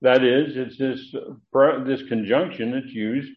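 A man teaching a verse-by-verse Greek Bible lesson, deliberate, with frequent fillers and emphatic rises. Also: medium pitch, fairly even intonation. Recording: dull lo-fi recording.

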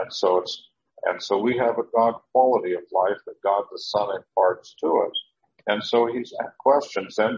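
Gravelly low-voiced man teaching a sermon. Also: darkish tone. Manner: plain teaching tone, explaining Greek words, frequent restarts. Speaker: preacher. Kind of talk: verse-by-verse Bible teaching sermon. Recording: dull, lo-fi, echoey room.

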